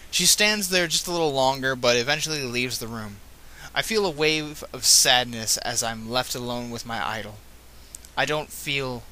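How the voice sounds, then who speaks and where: A man's voice: mid-range voice, bright, forceful tone. A man reading fan fiction aloud, breaking off with casual, self-correcting asides. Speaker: reader.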